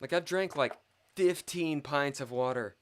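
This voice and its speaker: A man's voice: fairly high pitch, unhurried, background noise. A man streaming a live chess game, muttering and swearing in frustration at his own moves, complaining of a dry mouth.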